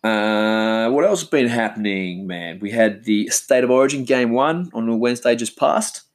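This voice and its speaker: A man's voice: mid-range voice, lively intonation, normal speed. A man in his thirties from Western Australia with an Australian accent, chatting casually and rambling as a podcast host at home. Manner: rambling, laid-back, swears casually, says man a lot. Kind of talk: casual solo chat. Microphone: omnidirectional mic.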